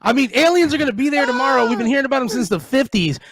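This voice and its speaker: A man's voice: extremely high pitch, very fast, dry recording. A man co-hosting a radio comedy show, chatting casually and acting out stories with voices. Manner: animated storyteller, acts out voices. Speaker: radio co-host. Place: radio studio.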